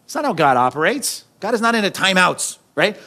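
A man's voice: high voice, very animated, a little fast, bright, forceful tone. A man preaching a sermon in a conversational way, often checking in with "right?" and acting out quoted lines. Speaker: pastor.

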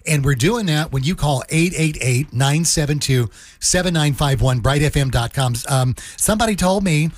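Male radio host, slightly high voice, rambling and chatty, casual fundraiser banter. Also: normal speed, no room sound. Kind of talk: casual on-air fundraiser chat.

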